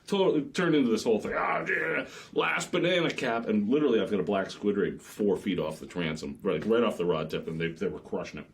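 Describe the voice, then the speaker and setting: A man, a charter boat captain and podcast guest, spinning lively fishing stories and acting out the voices in them. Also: sits low, fast talker, few pauses. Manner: lively storyteller, acts out voices, swears. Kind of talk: casual chat.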